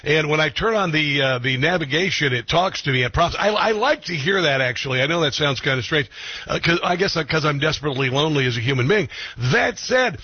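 A man hosting a talk radio show, animated and jokey, bantering with a guest. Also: fairly high pitch, fast talker, husky, no room sound. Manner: animated, jokey, self-mocking. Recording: dull lo-fi radio audio.

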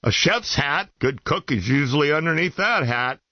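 A man's voice: fairly high pitch, animated, normal speed, no echo. A man playing a folksy, rambling small-town roofer in a silly commercial. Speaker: roofer in a comedy ad. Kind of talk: goofy commercial. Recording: lo-fi with clear background noise.

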